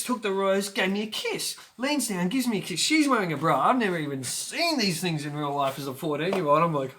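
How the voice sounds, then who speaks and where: Man in his forties, bright voice, somewhat high, animated storytelling, chatty with fillers. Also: brisk, hardly any pauses, a little hiss or hum. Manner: animated, acts out scenes with sudden loud outbursts; chatty with frequent fillers and restarts. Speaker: show host. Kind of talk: personal storytelling to camera.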